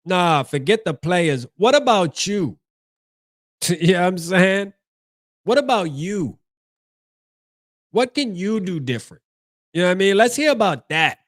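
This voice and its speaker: Animated man ranting on a dry mic. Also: high-pitched, measured pace, long pauses, no echo. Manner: animated, repeats and restarts, slangy. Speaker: fan show host. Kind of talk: casual postgame rant.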